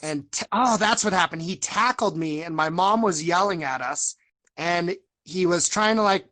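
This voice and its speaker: A woman with a lower-pitched voice tells a candid family story with a dry, wry edge. She speaks at an easy conversational pace. The setting is casual podcast chat. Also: moderate pace, fairly bright tone.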